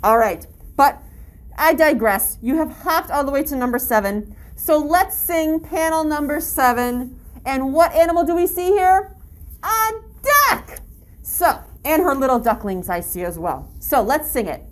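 A woman's voice: high-pitched, animated, measured pace. A woman guiding children along an outdoor story walk, reading a picture book aloud in an upbeat, encouraging, teacherly way and imitating animal sounds. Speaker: library story-walk guide.

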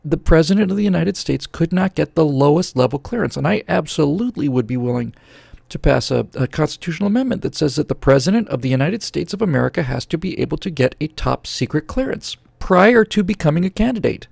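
Gravelly, husky man ranting sarcastically. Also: a little high, animated, quick pace, darkish tone, no room sound. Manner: sarcastic, ranting, jumps into mocking voices. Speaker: host answering viewer questions. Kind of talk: opinionated political monologue. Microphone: studio microphone, close.

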